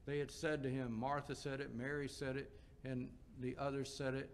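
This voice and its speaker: A man's voice: mid-range voice, level tone, normal speed, creaky, hardly any pauses. A man preaching a sermon, explaining scripture passages with quotes and rhetorical questions.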